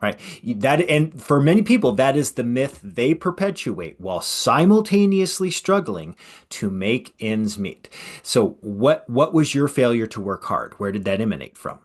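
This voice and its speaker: A man's voice: mid-range voice, sing-song, unhurried. A man hosting a conversational podcast interview, talking in a sarcastic way and firing pointed rhetorical questions. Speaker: podcast host.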